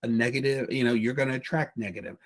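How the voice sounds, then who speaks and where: A man's voice: mid-range voice, quick pace. A man in his thirties hosting an interview, speaking in a casual, supportive way. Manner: supportive, brief affirmations. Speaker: podcast host.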